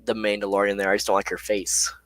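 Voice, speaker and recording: A young man hosting a live stream, reading viewer questions from the chat aloud and answering them in a relaxed, chatty way with plenty of fillers. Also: fairly low pitch, fast, no echo.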